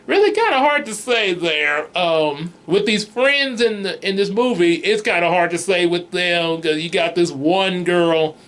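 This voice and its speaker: A man's voice: high voice, fairly bright tone, slight background noise. A man giving a casual, rambling movie review, chuckling often and restarting his sentences. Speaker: comics vlogger reviewing a movie.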